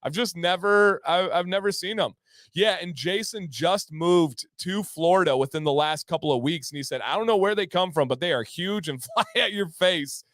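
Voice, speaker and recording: Livestream host, male, from Michigan; chatty, laughs a lot, repeats himself. Slightly higher voice, dry close mic. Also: normal speed, no echo. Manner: chatty and animated, laughs often, repeats phrases, reacts to chat by name. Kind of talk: casual livestream chat, reading viewer comments.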